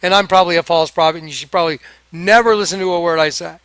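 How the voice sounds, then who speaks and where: Excitable guy telling a story, high bright voice, acts out the dialogue, dry close mic. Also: very fast, clean tone, no echo. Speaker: storyteller addressing viewers. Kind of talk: animated storytelling monologue.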